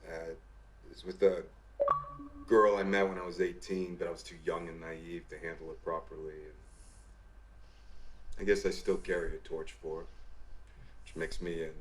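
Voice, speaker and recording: A very low-voiced, awkward young man played by an actor in a game, haltingly answering questions about love and himself. His deep voice comes over the game audio with a faint hiss behind it. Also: little pitch movement, close to an everyday voice. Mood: wistful. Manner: hesitant, halting. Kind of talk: video-game acting.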